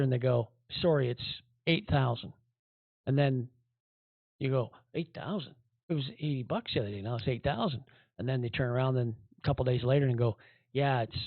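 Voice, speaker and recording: A man's voice: medium pitch, no echo. A man hosting a podcast, giving rambling, indignant commentary with many fillers. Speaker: podcast host. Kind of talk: casual commentary. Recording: tinny phone-like audio.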